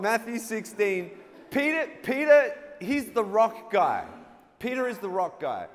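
A man's voice: high-pitched, very animated, a little slow. A man preaching a sermon, playful, calling out for the congregation to answer back and laughing at his own jokes. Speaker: pastor. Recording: long hall reverb.

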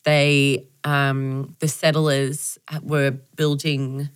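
A woman's voice: very deep voice, level tone, very slow, clear, resonant tone. A woman with an Australian accent co-hosting a podcast, chatting casually and laughing often. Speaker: podcast co-host. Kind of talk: casual chat.

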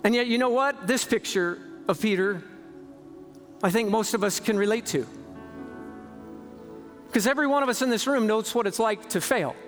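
A man preaching a sermon in a large church, telling a story dramatically and shifting between slow, stressed words and quick bursts. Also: high voice, soft background music. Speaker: pastor.

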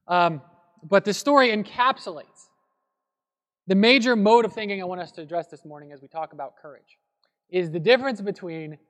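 A man preaching a sermon as a pastor, telling a story in a relaxed, conversational way. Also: sits high. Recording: long hall reverb.

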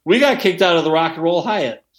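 A man telling stories in a casual chat, animated and heavy on swearing. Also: high-pitched, a little fast, slight background noise. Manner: profane, animated storyteller. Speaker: podcast guest. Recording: roomy echo.

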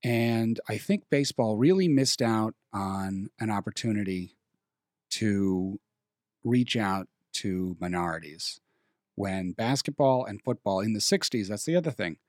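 A young man hosting a casual podcast chat, rambling and pausing to search for names. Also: fairly low pitch, animated, darkish tone, no echo, clean studio sound. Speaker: podcast host. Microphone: studio microphone.

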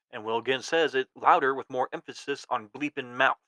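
A man's voice: mid-range voice, brisk, pushed and bright, dry recording, rough recording. A man in his mid-twenties hosting a podcast, giving casual commentary in a rambling way with many restarts and filler words. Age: 20s. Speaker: podcast host.

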